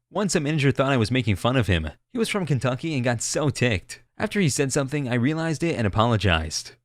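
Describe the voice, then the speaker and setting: A man's voice: medium pitch, no room sound. A man narrating a string of online stories with a wry delivery, sometimes slipping into other voices. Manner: quick, animated, wry, jumps into quoted voices. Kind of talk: reading online stories aloud.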